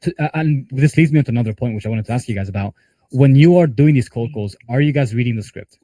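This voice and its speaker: Male sales coach leading a team call; rapid, casual delivery with a warm, low-bright tone. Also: no echo. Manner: conversational, talks with hands-on examples and casual fillers. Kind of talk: live group training call.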